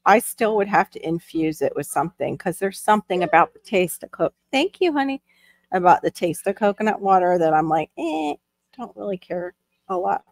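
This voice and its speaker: A woman's voice: medium pitch, very animated, normal speed, creaky, no room sound. A woman hosting a casual livestream, chatting and greeting viewers from the chat as she reads it. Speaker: livestream host. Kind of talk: casual live-stream chat.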